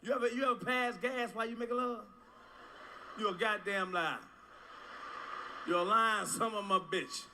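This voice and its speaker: A middle-aged man doing a stand-up comedy routine, loud and crude, rambling and repeating his lines. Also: high voice, moderate pace, long pauses, slight background noise.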